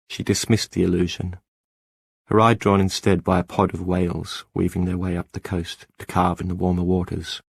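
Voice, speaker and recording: A man narrating an audiobook in a measured, lyrical reading. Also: low voice, vocal fry, slightly rough, no echo.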